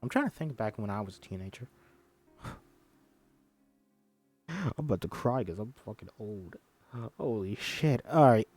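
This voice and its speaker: A man reading a film script aloud in a casual way, with lively, self-deprecating asides. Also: fairly low pitch, a little slow, pauses often, soft background music. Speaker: script reader.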